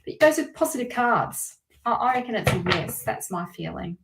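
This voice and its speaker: A woman's voice: on the high side, expressive, moderate pace, creaky, noisy background. A woman doing a live-streamed tarot reading, chatty and encouraging, thinking aloud and correcting herself as she goes. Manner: warm and encouraging toward viewers. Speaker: tarot reader.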